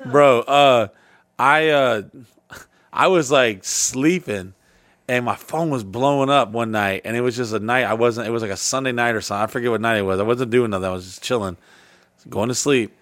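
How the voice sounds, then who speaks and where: A man's voice: mid-range voice, normal speed, no room sound, clean studio sound. A man hosting a casual podcast, rambling through stories with lots of swearing and restarts. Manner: rambling storyteller, heavy swearing, jumps to loud mimicked voices. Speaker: podcast host.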